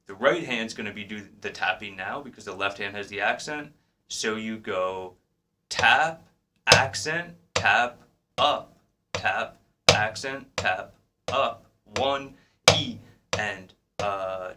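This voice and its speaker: A man giving a casual drum lesson, explaining technique in a relaxed way and counting beats aloud. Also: fairly low pitch, heavy background noise. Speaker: drum teacher. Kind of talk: casual instructional talk. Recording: drums clearly heard behind the voice. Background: drum playing.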